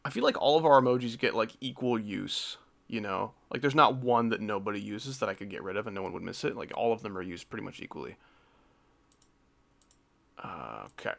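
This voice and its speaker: This young streamer has a fairly low voice with vocal fry and lively intonation, speaking fairly quickly. His casual live-stream chat is rambling and joking, and he sometimes drifts into mumbles.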